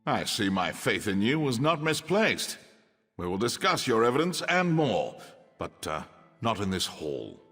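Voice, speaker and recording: An actor voicing a solemn male noble ally in a video game, speaking with a grave, measured, epic delivery. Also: lowish voice, a bit bright, breathy edge, in a large hall, heavily acted.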